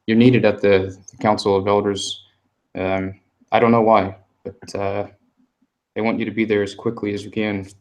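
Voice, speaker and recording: Guy doing a jumpy little messenger boy, polite and hesitant, lowish flat voice. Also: normal speed, natural voice. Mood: apprehensive. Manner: polite, hesitant, eager to please. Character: nervous young village boy messenger.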